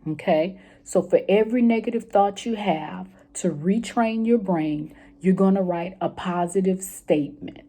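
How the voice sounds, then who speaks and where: A woman's voice: mid-range voice, unhurried, hardly any pauses, dark tone. A woman coaching listeners through a self-help lesson, encouraging and repetitive, often checking in with "okay?". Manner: encouraging, repeats key points, checks in with "okay". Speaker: mental health coach.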